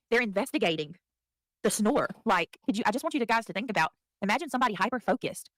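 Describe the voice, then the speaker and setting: A woman's voice: mid-range voice, dry recording, low-quality recording. A woman defends herself in a clip, exasperated and insistent, her voice in a middle range. The recording is dry and close. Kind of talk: played clip of a defensive rant.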